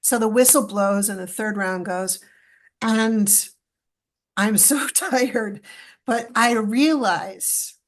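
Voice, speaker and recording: A middle-aged Canadian woman tells her story as a podcast guest, with a gravelly, fry-tinged voice at an ordinary pitch. She gets animated and emotional and acts out what people said. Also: slow. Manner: animated, acts out quoted dialogue, emotional retelling. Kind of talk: storytelling in a casual interview.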